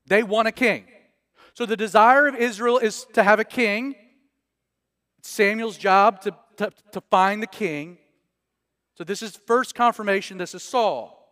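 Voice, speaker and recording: A man's voice: high-pitched, a bit bright, dry recording. A man preaching a casual verse-by-verse sermon as pastor, conversational and joking with slang asides.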